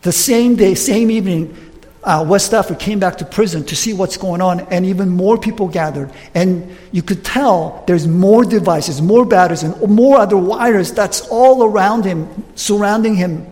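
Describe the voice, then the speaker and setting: A man preaching, retelling a story with lively restarts and acted quotes. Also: high voice, moderate pace, in a large hall. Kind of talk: sermon storytelling.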